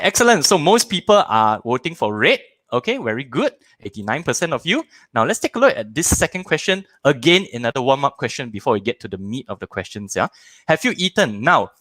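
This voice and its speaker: A man hosting a live online parenting workshop, running audience polls and joking with viewers in an animated, playful way. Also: fairly high pitch, fairly quick, no room sound.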